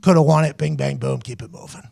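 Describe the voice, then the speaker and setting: American male host, 30s, high-pitched, animated profane storyteller, dry close mic. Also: fast talker, gravelly, no echo. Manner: animated, profane, acts out quotes in raised voice. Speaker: host, former punter. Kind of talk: casual storytelling podcast chat.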